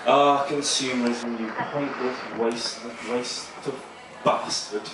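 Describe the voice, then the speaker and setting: A man doing a stand-up comedy set on a small club stage, rambling and self-deprecating with a deadpan delivery. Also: mid-range voice, slow. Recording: echoey club, mic heard from far, noisy.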